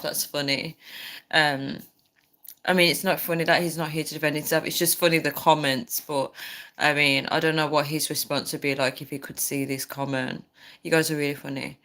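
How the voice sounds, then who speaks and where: Chatty low-voiced woman. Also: a bit bright. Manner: chatty, rambling, reads viewer comments aloud. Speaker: livestream host. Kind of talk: casual livestream chat.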